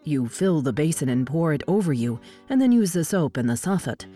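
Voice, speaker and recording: A woman's voice: low-pitched, lively intonation, fairly quick, dark tone, faint music behind. A woman reading the part of a formal, earnest male elf escort, grave and courteous.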